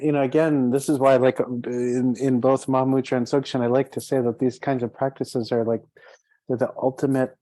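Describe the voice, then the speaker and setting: A man's voice: mid-range voice, warm tone, no echo, rough recording. A man giving a casual, conversational meditation talk as a teacher, chatty and laughing, with plenty of "you know" and "like". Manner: conversational, laughing, many fillers.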